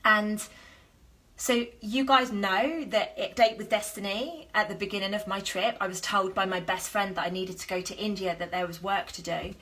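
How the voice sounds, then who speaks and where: Woman health coach on a live stream, bright clear voice, earnest and animated, acts out the dialogue. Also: mid-range voice, normal speed. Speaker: health coach and business founder. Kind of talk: emotional personal storytelling on a live stream.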